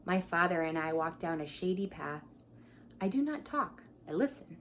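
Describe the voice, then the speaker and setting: A woman's voice: fairly low pitch, lively intonation, moderate pace, slight background noise. A woman who teaches pre-K, reading a picture book aloud to young children at home, acting out the animal sounds and asking them to join in, sometimes dropping to a whisper. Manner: drops to a whisper at quiet moments. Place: her home, by a coffee table.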